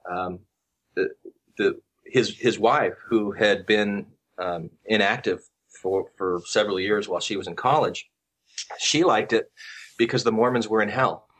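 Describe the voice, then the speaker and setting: Relaxed low-voiced man telling stories. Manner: relaxed, halting with frequent restarts and fillers. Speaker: guest researcher. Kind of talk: casual storytelling conversation.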